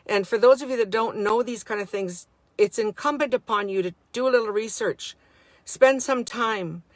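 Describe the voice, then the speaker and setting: A woman's voice: on the high side, moderate pace, dry recording. A middle-aged woman speaking an unscripted, heartfelt monologue to her handheld camera, indignant and repeating herself as she talks. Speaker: vlogger.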